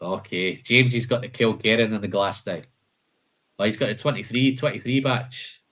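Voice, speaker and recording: A man's voice: fairly low pitch, normal speed, a bit bright. A man hosting a live whisky tasting, listing flavour notes and chatting casually, calling people "man" and "mate".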